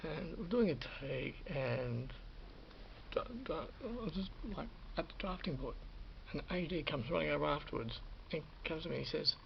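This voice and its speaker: Gravelly man rambling on. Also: a little high, lively intonation, normal speed, a little hiss or hum. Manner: rambling, restarts, drops to a whisper at times. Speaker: vlogger recalling film work. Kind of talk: casual anecdotal monologue. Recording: dull lo-fi recording.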